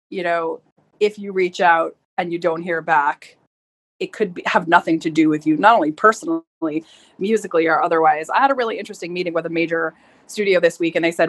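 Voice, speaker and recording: A woman moderating an online music panel, chatty and lively. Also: fairly low pitch, a little fast. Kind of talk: casual panel talk.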